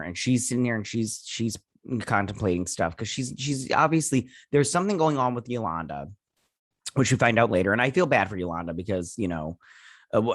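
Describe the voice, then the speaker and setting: A man's voice: fairly low pitch, no room sound, studio quality. A man casually recapping a TV episode as host, rambling with lots of fillers and often forgetting names. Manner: rambling, loose and filler-heavy, often losing track of names. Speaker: show reviewer and host.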